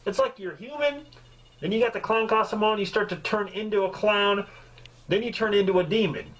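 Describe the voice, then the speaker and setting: A man giving a casual, comedic movie review, talking in an animated way with rambling asides and free swearing. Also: sits high, fairly quick, rough recording.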